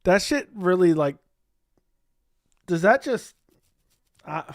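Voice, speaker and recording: A man's voice: high-pitched, expressive, slow pace, pauses often. A man hosting a casual livestream, talking to chat and ranting with lots of swearing. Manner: profane, indignant ranting. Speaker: livestream host.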